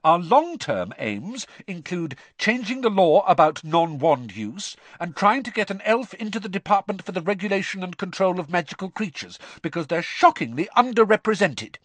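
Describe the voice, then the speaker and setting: A man voicing an earnest, bossy teenage girl campaigner who talks briskly and insistently. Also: high voice, sing-song, a bit bright, no echo, voice pushed up, full character voice.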